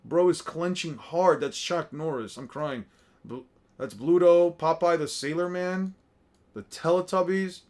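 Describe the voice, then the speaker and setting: A man with a slightly high voice talks loosely and profanely. He rambles and mutters names to himself as he reacts, in an offhand, unscripted way. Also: a little slow, a little mellow. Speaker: streamer reacting to artwork. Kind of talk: casual commentary.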